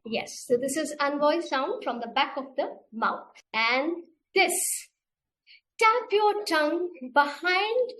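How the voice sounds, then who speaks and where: Slow, high-voiced woman teaching phonics. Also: a bit bright. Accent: Indian English. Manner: slow, patient, demonstrates sounds and repeats steps. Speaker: teacher trainer. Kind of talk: webinar instruction.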